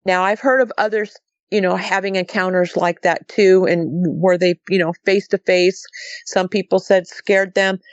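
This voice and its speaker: A woman's voice: medium pitch, moderate pace, no echo, dull audio. A middle-aged woman from Montana, a guest in an interview, telling her story casually and acting out the dialogue with animation. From Montana, USA. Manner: animated, acts out quoted dialogue with repeated "she goes". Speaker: guest recounting a sighting.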